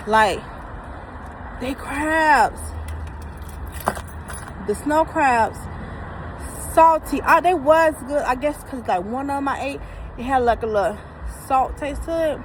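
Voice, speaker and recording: A woman's voice: high voice, slow, long pauses, noisy background. A woman reviewing a meal for her vlog, talking emphatically to viewers outdoors by a truck. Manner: emphatic, repeats herself, addresses viewers as y'all. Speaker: vlogger reviewing food. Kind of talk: casual vlog talk to viewers.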